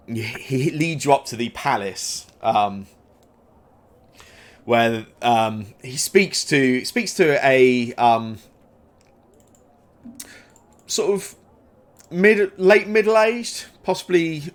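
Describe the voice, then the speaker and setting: A man narrating as game master in a tabletop game, pausing often and restarting his sentences as he describes the scene. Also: medium pitch. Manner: hesitant, many fillers and restarts.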